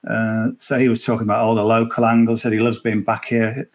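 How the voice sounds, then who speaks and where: A man's voice: fairly low pitch, flat delivery, brisk. A man giving golf betting tips in casual podcast chat, chatty and rambling, often restarting his sentences.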